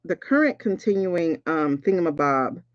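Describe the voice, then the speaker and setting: A woman hosting a casual spiritual reading, excitable and talking straight to her viewers. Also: on the low side, normal speed, dry recording, lo-fi sound. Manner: excitable, keeps repeating "hold on". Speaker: spiritual reader and host. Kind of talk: casual livestream card reading.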